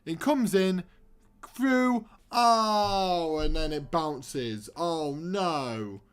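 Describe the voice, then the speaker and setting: A man's voice: fairly high pitch, expressive, very slow, clean tone. A young man streaming a football manager game, commentating live with sarcastic, exasperated rants.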